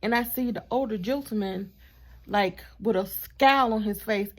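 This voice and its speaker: A woman vlogger telling a storytime in a chatty, animated way, with asides to her partner off camera. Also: medium pitch, unhurried. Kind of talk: casual storytime vlog.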